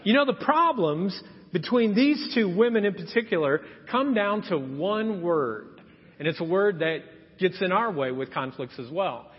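A man's voice: high-pitched, measured pace, husky. A man in his fifties preaching a sermon in a church, telling stories and acting out what people said. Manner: animated storytelling, acting out quotes. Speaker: pastor. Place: church sanctuary. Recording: muffled sound in a reverberant church hall.

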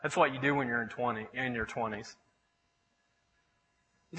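A man's voice: fairly high pitch, animated, brisk, bright, forceful tone, long reverb tail, low-quality recording. A man preaching a sermon as pastor in a church, telling stories with animation and acting out the voices of the people he quotes. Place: church sanctuary.

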